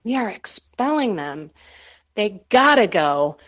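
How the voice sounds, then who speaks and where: A woman guest on a radio interview, telling a personal faith story in an animated, self-deprecating way. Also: mid-range voice, takes it slowly, highs cut off. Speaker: guest author.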